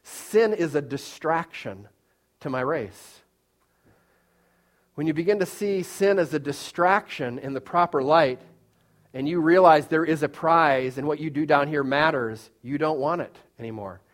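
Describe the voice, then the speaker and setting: A man's voice: on the high side, moderate pace. A man giving a conversational sermon as a preacher, informal, repeating his phrases and often restarting with fillers.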